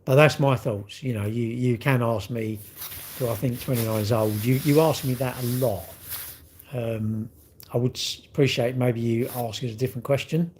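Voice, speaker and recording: A man's voice: medium pitch, fairly even intonation, moderate pace, darkish tone, slight background noise. A middle-aged man, rambling through casual live-stream chat and answering viewers' comments with strong opinions. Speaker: livestream host.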